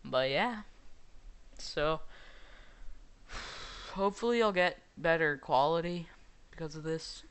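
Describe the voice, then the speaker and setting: A young man chats over his gameplay in a loose, meandering way, stopping often to search for words. His voice is bright and clean, pitched a little high. The keyboard clicks now and then as he talks at his desk. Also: lively intonation, takes it slowly, pauses often, smooth. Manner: rambling, hesitant, many fillers. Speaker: gaming YouTuber. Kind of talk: casual gameplay commentary.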